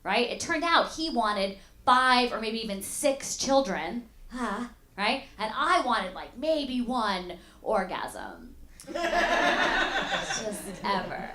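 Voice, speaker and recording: Doing crowd work at a comedy club, this young woman keeps things chatty and playful. Her medium-pitched voice is sing-song, a little slow, pushed and bright, and laughter fills the roomy space around her.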